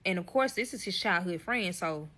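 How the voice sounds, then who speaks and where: A woman's voice: fairly low pitch, expressive, normal speed, sharp tone. A woman telling a personal story in casual, profane fashion, talking straight to her audience. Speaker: storyteller guest.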